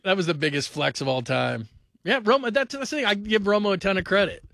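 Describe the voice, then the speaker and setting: Bright, animated sports radio host man. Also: sits high, brisk, gravelly, no echo, clean studio sound. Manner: animated, laughing, joking asides. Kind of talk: casual sports talk radio.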